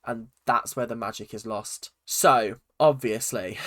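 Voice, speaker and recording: A man ranting in an animated, exasperated way on his vlog, reviewing reality TV with mocking asides. His voice sits at a middle pitch and is recorded close and dry, with no room sound around it. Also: a little slow, dry recording.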